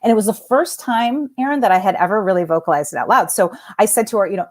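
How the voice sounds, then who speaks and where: Telling a personal story as a guest, a fortysomething former executive speaks fast in a mid-range voice, animated and conversational, with frequent fillers and restarts.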